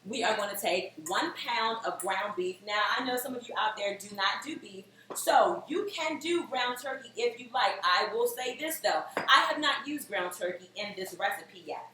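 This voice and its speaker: Animated chatty woman in an echoey kitchen. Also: fairly high pitch, normal speed, hardly any pauses. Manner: animated, chatty, comic storytelling. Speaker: cooking show host. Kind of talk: casual storytelling while cooking. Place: home kitchen. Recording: echoey room, mic at a distance, faint noise.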